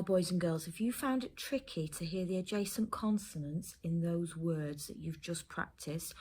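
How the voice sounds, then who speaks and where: A woman teacher from England giving a phonics lesson to young children and their parents, sounding out letters slowly and carefully. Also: fairly low pitch, a little mellow, slightly rough. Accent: English. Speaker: primary school teacher.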